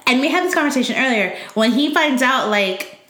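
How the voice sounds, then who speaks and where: Woman, casual chat, animated retelling, slightly high voice, echoey room. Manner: animated, acts out characters with quick "he's like" quotes. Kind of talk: casual chat recapping a TV episode. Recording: roomy echo.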